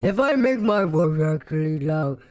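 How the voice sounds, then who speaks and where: A man streaming and reacting live in a joking, rambling way, his voice run through a chipmunk pitch-raising filter. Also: big pitch swings, unhurried, darkish tone. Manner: playful, joking, rambling with restarts. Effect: pitch-raised chipmunk voice filter.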